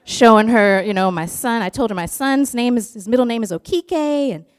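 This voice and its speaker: A woman's voice: on the high side, normal speed, clean tone. A woman telling a personal story in an earnest, emotional way, in long flowing runs.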